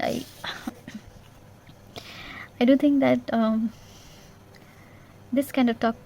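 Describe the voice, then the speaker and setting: A woman giving an intuitive tarot reading in a gentle, reassuring way, repeating herself and checking in with "yeah?". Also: fairly high pitch, steady tone, slow, vocal fry, long pauses, a little hiss or hum. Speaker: tarot reader.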